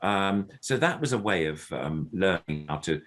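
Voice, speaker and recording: Older man, deep low voice, puppeteer guest, video call, shows puppet voices while explaining. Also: lively intonation, moderate pace, a bit bright. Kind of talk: explanatory interview answers. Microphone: computer video call.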